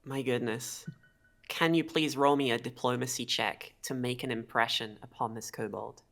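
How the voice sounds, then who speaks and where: A woman narrating as game master of a tabletop game over a video call, with halting speech and frequent restarts. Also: very deep voice, fairly even intonation, a bit bright. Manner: halting, lots of fillers and restarts.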